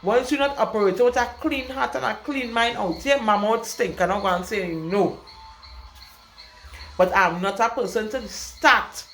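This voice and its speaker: A young woman talks straight to camera in a blunt, emphatic vlog rant. Her voice sits a touch high and bounces off the walls of an echoey room. A faint hiss of background noise runs under it. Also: normal speed, a bit bright. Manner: emphatic, repetitive, speaks her mind bluntly. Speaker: vlogger. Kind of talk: casual storytime rant to camera.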